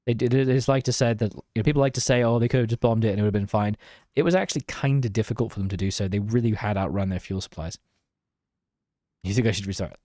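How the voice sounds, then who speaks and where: This young streamer talks fast in a low, dark voice while playing, poking fun at himself and responding to messages from chat. The sound is dry and booth-like, with no room sound.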